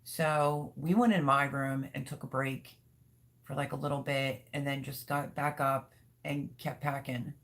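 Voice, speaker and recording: This livestream host, a woman at home, rambles candidly through a casual chat and reads out viewer comments. Her very deep voice is gravelly and a bit bright, with a steady tone and an unhurried pace.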